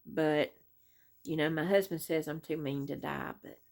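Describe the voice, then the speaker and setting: A middle-aged woman, chatting casually on her crochet vlog and rambling through a story with many pauses and "anyway"s. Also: deep voice, steady tone, vocal fry, a little mellow. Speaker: crochet vlogger.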